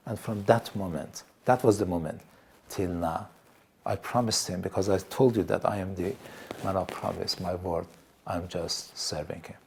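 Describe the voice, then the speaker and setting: A man's voice: fairly low pitch, vocal fry, a little mellow, breathy edge. A man, a Christian TV presenter and pastor, telling his personal testimony earnestly in broken English. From Iran. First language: Persian.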